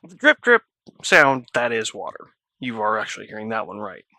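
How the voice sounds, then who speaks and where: A man chatting casually on a live stream from his home at night, slow and wry, laughing between remarks. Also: on the low side, very animated, bright, forceful tone, no room sound.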